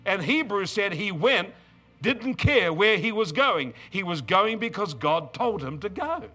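A man's voice: sits high, unhurried, soft background music. A middle-aged man preaching a sermon, mixing scripture reading with joking stories about married life. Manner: humorous, storytelling, animated asides.

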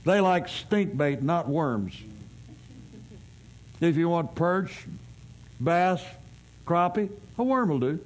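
A man's voice: fairly high pitch, expressive, takes it slowly, pauses often. A man preaching a sermon as pastor, folksy and conversational, telling everyday stories and asking rhetorical questions.

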